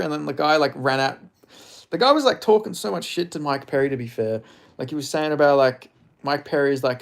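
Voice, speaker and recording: Rambling crude young man. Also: medium pitch. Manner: rambling, crude, fast-shifting, lots of fillers. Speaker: streamer. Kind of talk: casual live-stream chat.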